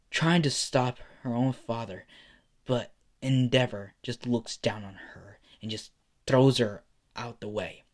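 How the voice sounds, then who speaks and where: Slow casual young man narrating a fan story. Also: mid-range voice. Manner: casual, with fillers and self-corrections.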